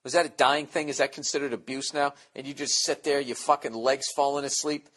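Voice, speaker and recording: A man's voice: mid-range voice, steady tone, a little fast, fairly bright tone. 40s guy ranting on his podcast, swears a lot, sarcastic, rambly. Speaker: podcast host. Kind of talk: casual comedic monologue.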